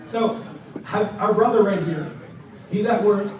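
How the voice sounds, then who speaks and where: Male speaker, high voice, sarcastic and joking, a bit worn; distant mic in a boomy hall. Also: a little slow, crowd noise. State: voice tiring. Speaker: speaker answering congregation questions. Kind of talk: lively Q&A talk to a congregation. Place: mosque hall. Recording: echoey hall from far off.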